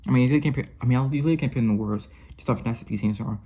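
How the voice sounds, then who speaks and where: A man talks through a film very fast, his mid-range voice dark and husky. The review is casual and effusive, wandering as he keeps restarting sentences and correcting himself partway through.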